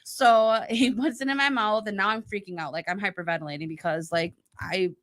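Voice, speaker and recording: A podcast co-host with a bright, mid-range voice tells a story at a fairly quick clip. She's an animated storyteller who acts out the quotes in a casual storytelling chat.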